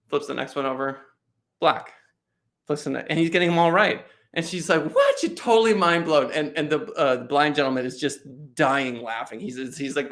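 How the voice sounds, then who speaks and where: A man's voice: medium pitch, a bit bright. A man hosting a casual interview, talking in a rambling storyteller way with many restarts and "right?" tags.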